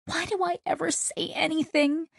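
A woman voicing a frantic young female ship's tech who cries out in a shrill voice. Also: big pitch swings, normal speed, darkish tone, dry recording, studio quality, full character voice.

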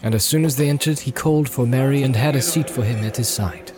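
A man reading a fantasy audiobook in a steady, measured storytelling voice. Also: medium pitch, over music. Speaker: audiobook narrator. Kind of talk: scripted narration.

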